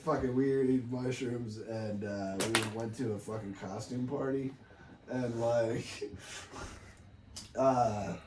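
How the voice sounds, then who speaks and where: A man's voice: mid-range voice, steady tone, echoey room, far from the mic, background noise. A man hesitantly telling a story in casual podcast chat, with lots of fillers and laughter. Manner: halting, filler-heavy, laughing. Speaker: podcast guest.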